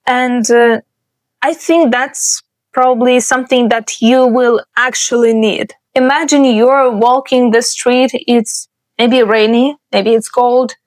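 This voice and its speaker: Slow, careful woman language teacher. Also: fairly high pitch, steady tone. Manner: slow, careful modelling of words. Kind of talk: explanatory online lesson.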